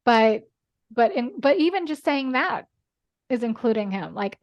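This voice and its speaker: A woman guest on a podcast, talking earnestly in casual chat, with quick bursts and lots of "like". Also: a little high, lively intonation.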